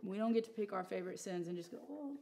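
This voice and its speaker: A woman leads a Bible study in an easygoing, chatty teaching voice. Her pitch sits right in the middle for a woman. She jokes and makes asides to the people in the room as she teaches. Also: fairly even intonation, rapid-fire, vocal fry, mellow, slight background noise. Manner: chatty and joking, with asides to the audience. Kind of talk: casual teaching talk.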